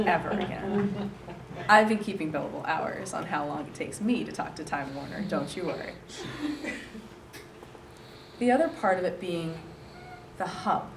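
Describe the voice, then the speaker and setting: A woman's voice: fairly low pitch, a little slow, long pauses, a crowd in the background. Chatty joking woman presenter, roomy. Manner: chatty, joking, animated, laughs often. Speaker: coworking space director pitching to an audience. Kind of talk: lively presentation. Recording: roomy and distant with faint noise.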